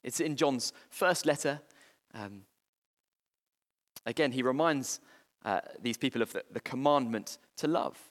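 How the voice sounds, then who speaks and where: Earnest preacher in a reverberant hall. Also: male voice, medium pitch. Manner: earnest, halting, many restarts and fillers. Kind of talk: sermon.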